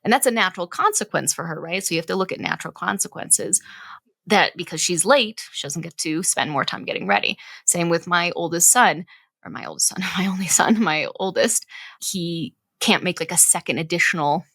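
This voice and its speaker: A mother in her thirties talks through parenting advice on a podcast, earnest and explanatory, with frequent "right?" check-ins. Her voice sits a little low and has a gravelly edge. The sound is dry and close. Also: fairly quick, fairly bright tone, no echo. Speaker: podcast co-host. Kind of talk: casual parenting chat.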